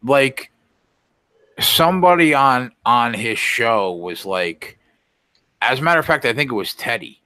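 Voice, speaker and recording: A man co-hosting a casual sports betting podcast, blunt and quick to swear. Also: mid-range voice, lively intonation, pushed and bright, dry recording. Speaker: podcast co-host.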